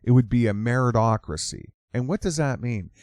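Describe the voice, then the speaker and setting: A man's voice: mid-range voice, normal speed, a little mellow, no echo, studio quality. A man hosting a talk show, delivering an opinion monologue in a sarcastic, heated, opinionated way.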